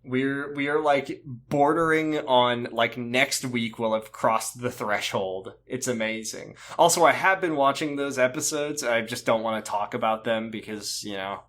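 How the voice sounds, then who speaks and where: A man co-hosting a casual podcast chat, animated and swearing, stumbling over his words when excited. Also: medium pitch, measured pace, hardly any pauses. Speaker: podcast co-host.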